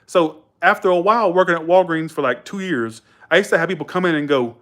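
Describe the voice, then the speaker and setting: A man's voice: on the high side, lively intonation, a little fast, hardly any pauses, a bit bright. Chatty man telling a story. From Georgia, USA. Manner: rambling, self-correcting, colloquial, quotes others in raised voice. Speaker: live streamer chatting with viewers. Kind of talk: casual chat and storytelling.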